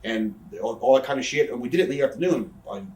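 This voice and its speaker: Recorded far from the mic in an echoing room, a man in his thirties uses a mid-range, darkish voice with lively intonation. He's a shoot-interview guest rapidly telling profane stories and performing the lines of the people he quotes.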